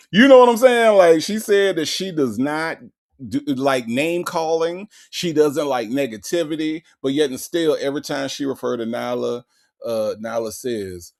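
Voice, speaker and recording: A man hosting a show, giving sarcastic, animated commentary on a clip. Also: medium pitch, gravelly. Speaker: host.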